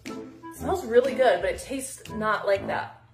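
A woman's voice: a little high, unhurried, roomy sound, music in the background. A woman casually reviewing snacks on camera, chatty and giggly, sometimes talking with her mouth full. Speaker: snack taster.

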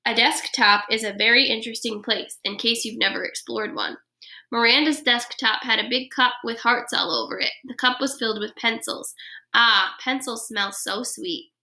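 A woman, a first grade teacher, reading a children's chapter book aloud with expressive storytelling. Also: fairly high pitch, moderate pace, gravelly.

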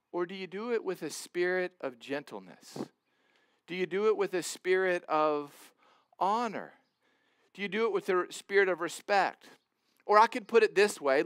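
A man's voice: high-pitched, a bit bright, smooth, dry recording, studio quality. A man in his forties preaching a sermon as pastor, earnest and emphatic, often repeating words and restarting.

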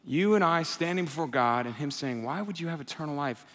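A man's voice: fairly high pitch, lively intonation, fairly quick. A young adult man preaching a sermon in a conversational way, acting out the quotes he tells. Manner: conversational, acts out quotes, builds to impassioned near-shouting. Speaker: pastor. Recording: long hall reverb, soft music behind.

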